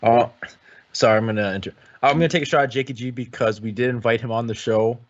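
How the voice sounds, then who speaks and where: A man hosting a sports podcast, chatting casually and rambling, with many restarts and throat clearing. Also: mid-range voice, fast talker. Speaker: podcast host. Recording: dull lo-fi audio.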